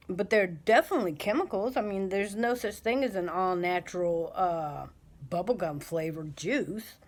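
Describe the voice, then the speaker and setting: A middle-aged woman vlogging to camera in a blunt, chatty way, with many fillers and restarts. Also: medium pitch. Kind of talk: casual talk to camera.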